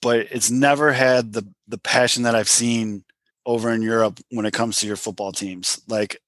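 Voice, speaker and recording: A man's voice: medium pitch, fairly even intonation, moderate pace, a bit bright, dry recording. Podcast guest: man, talkative and keen, recorded dry. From Chicago, USA. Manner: enthusiastic, talkative, explains at length. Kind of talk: casual chat.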